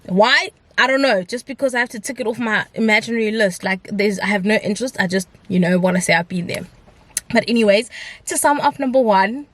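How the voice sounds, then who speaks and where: A young woman in her twenties chatting casually to camera in a rambling, upbeat way. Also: medium pitch. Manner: chatty, rambling, upbeat, mixes in isiZulu phrases. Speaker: vlogger.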